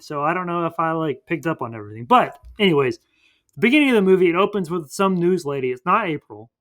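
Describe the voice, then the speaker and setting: A man's voice: a little high, a bit bright. A man hosting a podcast, casually recapping a movie in a rambling way full of fillers. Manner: rambling, filler-heavy retelling. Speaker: podcast host.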